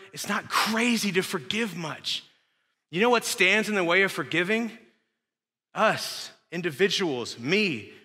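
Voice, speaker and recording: A man's voice: high-pitched, pushed and bright. A young man preaching a casual, emphatic sermon full of rhetorical questions, recorded in a church sanctuary. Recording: echoey church hall.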